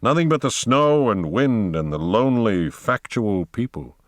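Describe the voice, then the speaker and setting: A man giving a slow, dramatic reading of an audiobook as its narrator. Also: on the low side, expressive, no room sound, clean studio sound. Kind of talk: scripted narration.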